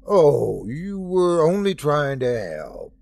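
A man's voice: mid-range voice, sing-song, slow pace, dry recording, full character voice. A man voicing a jealous, domineering male God who rants and mocks. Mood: mocking. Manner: scornful, mocking rants.

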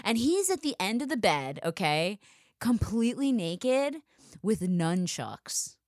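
Animated, profane young woman storyteller. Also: medium pitch, takes it slowly, no echo, studio quality. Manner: profane, animated, full of asides like "okay?". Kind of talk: comic storytelling in casual chat.

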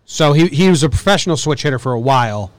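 A laid-back man co-hosting a baseball podcast, teasing his partner in casual sports banter. His voice sits at a middling pitch and sounds dry and close, with no room echo. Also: lively intonation, fast.

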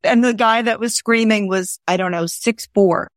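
This woman's fairly high voice comes at a moderate pace in a dry, studio-quality recording. As a guest author sharing stories conversationally, she's earnest and performs the quoted dialogue.

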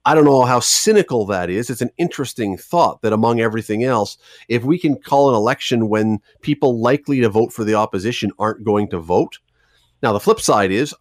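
A man hosting a radio show, chatting casually and spinning playful, drawn-out stories. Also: mid-range voice, dry recording, studio quality. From Canada. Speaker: radio host.

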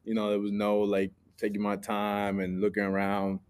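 A ballplayer from Puerto Rico, a man with a fairly low voice. He answers in a relaxed, easygoing interview manner, laughing often and restarting sentences as he goes. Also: moderate pace, clean tone. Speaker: guest ballplayer.

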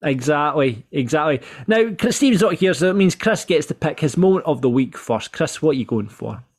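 A man's voice: on the high side, animated, brisk, slightly rough. A Scottish man hosting a casual football podcast, joking as he runs the segments. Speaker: podcast host.

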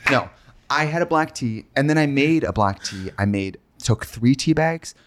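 A man's voice: medium pitch, expressive, moderate pace. A man co-hosting a casual chat, telling stories in a wry, teasing way. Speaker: co-host.

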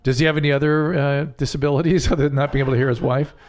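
A man's voice: a little high, fairly even intonation, racing, a little mellow, a little hiss or hum. A man hosting a podcast interview in casual chat, teasing and chatty, with a doctor's asides. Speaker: podcast host.

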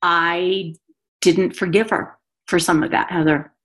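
Earnest lower-voiced woman telling her story. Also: steady tone, a little slow, fairly bright tone. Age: adult mother. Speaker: guest. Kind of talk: personal testimony in conversation.

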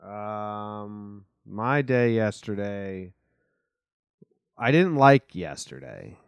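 A man's voice: fairly low pitch, expressive, very slow, clean tone, dry recording. A man hosting a casual podcast chat from his small house, rambling in an easygoing way. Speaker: podcast host.

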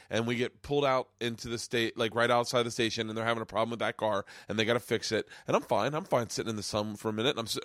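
A man hosting a podcast, telling a story with excitement, swearing often and acting out the people in it. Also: medium pitch, dry recording, studio quality. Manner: excitable, swears a lot, acts out voices in stories. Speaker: podcast host. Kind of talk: casual chat, animated storytelling. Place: home man cave studio.

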